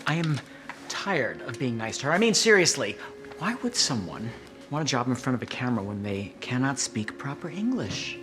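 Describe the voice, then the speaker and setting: An actor playing a mocking, condescending boss in a scripted drama. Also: male voice, mid-range voice, sing-song, moderate pace, a bit bright, soft background music.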